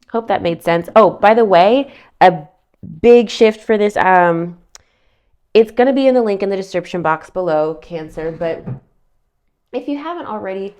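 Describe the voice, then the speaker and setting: Woman, slightly low pitch, casual tarot vlog, rambling, self-interrupting, a little out of breath. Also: a little mellow. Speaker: tarot reader.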